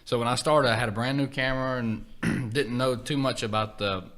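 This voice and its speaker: Bright-voiced man telling stories. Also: mid-range voice, brisk. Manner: animated storytelling, acts out quotes. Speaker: podcast guest. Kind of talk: casual chat.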